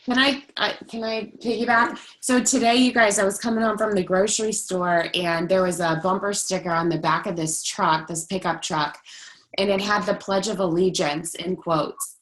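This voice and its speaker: A woman's voice: medium pitch, fairly even intonation, moderate pace, fairly bright tone, echoey room, low-quality recording. Woman telling a rambling personal story. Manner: rambling storyteller, many likes and restarts. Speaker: group member sharing a story. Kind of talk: casual group discussion.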